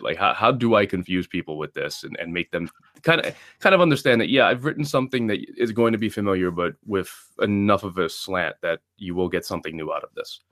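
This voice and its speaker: A man's voice: sits low, a bit bright, no room sound, clean studio sound. A man who writes novels, talking loosely as an interview guest and laughing often at himself. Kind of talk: casual interview chat.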